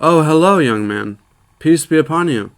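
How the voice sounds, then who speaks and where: Male reader doing a frail, wistful old man; raised pitch, soft questions. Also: lively intonation, moderate pace. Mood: gentle hopeful.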